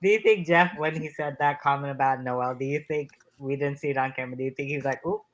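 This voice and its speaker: A man's voice: medium pitch, fast talker. A man co-hosting a podcast, chatting casually with frustrated asides and questions. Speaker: podcast co-host.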